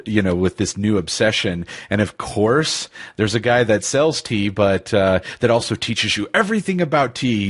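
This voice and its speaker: A man co-hosting a podcast in casual chat, rambling and giggly. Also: fairly low pitch. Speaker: podcast co-host.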